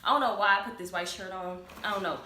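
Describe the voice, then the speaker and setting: A woman's voice: medium pitch, fast talker, pushed and bright. A young woman vlogging casually at home, chatting while she eats in front of her camera. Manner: chatty, eating while talking. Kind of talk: casual mukbang chat. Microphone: camera mic. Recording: echoey room, faint ambient noise.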